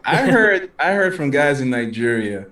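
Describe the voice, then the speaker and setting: A man on a podcast in casual chat, an animated storyteller who acts out quotes. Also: a little high, moderate pace. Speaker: podcast co-host. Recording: echoey room, distant mic.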